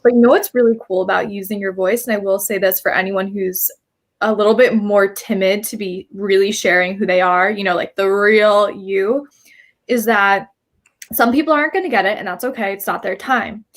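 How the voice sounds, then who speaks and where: A woman's voice: mid-range voice, steady tone, moderate pace. A woman guest on a live-streamed talk show, a spiritual coach who speaks reflectively and keeps checking in with "right?".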